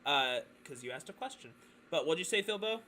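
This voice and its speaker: Bright-voiced man running a tabletop game. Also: a little high, expressive, fairly quick, a little hiss or hum. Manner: loose, hesitant with many fillers. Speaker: dungeon master.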